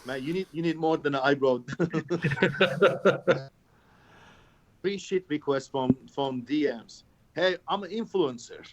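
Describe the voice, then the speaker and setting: A man's voice: fairly high pitch, slow pace, pauses often, slight background noise. A man telling stories in a casual podcast chat, sarcastic and swearing often. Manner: sarcastic storyteller, swears a lot. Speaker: knifemaker, podcast guest. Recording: dull lo-fi podcast recording.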